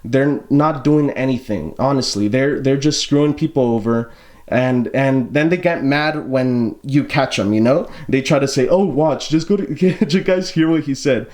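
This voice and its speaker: A man's voice: mid-range voice, normal speed, darkish tone. A young man from the United States vlogging casually to camera, laughing and exasperated, rambling with fillers. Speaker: YouTuber. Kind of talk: casual vlog talk to camera.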